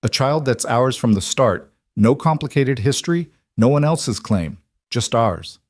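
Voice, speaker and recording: A man voicing a caring wife and mother who speaks calmly and reassuringly. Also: medium pitch, measured pace, no room sound, clean studio sound, voice pushed up. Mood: loving. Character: adult woman, warm wife and mother.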